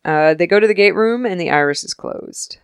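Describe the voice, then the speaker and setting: A young woman co-hosting a podcast, chatting casually about a TV episode and acting out the characters in quick voices, laughing often. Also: lowish voice, animated, clean tone, no room sound, clean studio sound. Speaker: podcast co-host recapping a TV episode. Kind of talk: casual chat.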